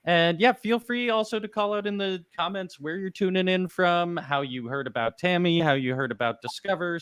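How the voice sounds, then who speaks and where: A man's voice: mid-range voice, fairly bright tone, no echo. A man hosting a live online workshop, upbeat and chatty, greeting viewers and reading their comments aloud. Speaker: event host.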